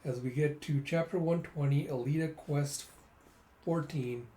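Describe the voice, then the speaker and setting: A man retelling a comic book in a loose, chatty way, with quick asides between scenes. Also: a little high, mellow. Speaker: manga reader and commentator. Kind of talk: casual read-through narration. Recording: roomy echo.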